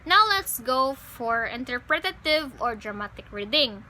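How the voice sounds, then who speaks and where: Young woman presenting a class report, bright voice with faint background hiss, halting with ums. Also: high voice, animated, poor audio. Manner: explains step by step with frequent "um" and self-corrections. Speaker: student presenter.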